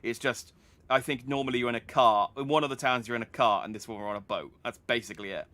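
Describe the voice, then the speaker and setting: Bright-voiced man chatting over a game. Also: mid-range voice, steady tone, quick pace, dry recording. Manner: self-mocking, chatty asides. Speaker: streamer. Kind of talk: casual gameplay commentary.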